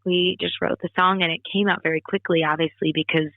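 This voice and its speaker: A woman's voice: on the low side, steady tone, brisk, no room sound. Guest voice: chatty singer-songwriter woman from Wisconsin, storytelling with fillers, tinny phone-like sound. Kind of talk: casual interview chat. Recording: tinny phone-like dry call audio.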